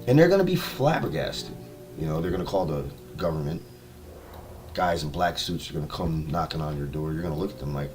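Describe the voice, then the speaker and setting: A man improvising a rambling, profane story on a live stream, jumping between low mutters and loud outbursts. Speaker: live streamer telling made-up stories. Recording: distant mic with music playing.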